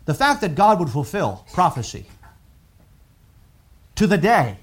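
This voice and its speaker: A man's voice: high-pitched, big pitch swings, a little slow, husky. Emphatic preaching man. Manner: emphatic, rising to loud peaks when quoting scripture and critics. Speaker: pastor. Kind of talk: sermon.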